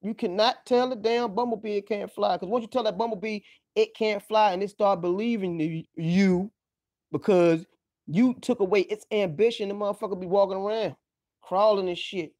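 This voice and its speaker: Dude rambling on his livestream, cussing constantly, loud outbursts, dry close mic. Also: sits high, steady tone, normal speed, no room sound. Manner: profane, loose, exclaiming and laughing. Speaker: livestream host. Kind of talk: rambling casual monologue.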